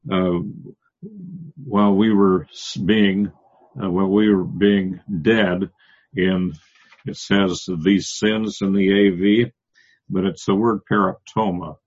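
A man teaching a Bible passage verse by verse, pausing often and restarting, explaining the Greek words. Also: low voice, little pitch movement, darkish tone, husky, highs cut off. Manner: halting, many restarts and fillers, explains Greek word by word. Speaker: preacher.

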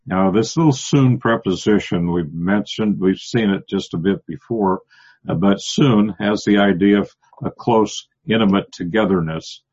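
Man, deep husky voice, slow halting Bible teaching, dull lo-fi recording. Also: darkish tone. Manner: halting, many restarts and fillers, explains Greek word by word. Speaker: preacher.

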